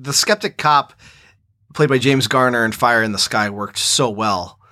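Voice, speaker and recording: A man's voice: medium pitch, measured pace, bright, forceful tone. A man co-hosting a casual movie-recap podcast, laid-back, agreeing readily and trailing off into laughter. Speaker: podcast co-host.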